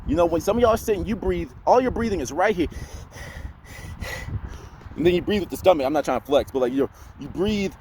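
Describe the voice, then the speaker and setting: A young man giving casual voice advice to camera, emphatic and full of rhetorical questions, sometimes dropping into a deep voice to demonstrate. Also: animated, fairly quick, long pauses, darkish tone, a little hiss or hum. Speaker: voice coach vlogger.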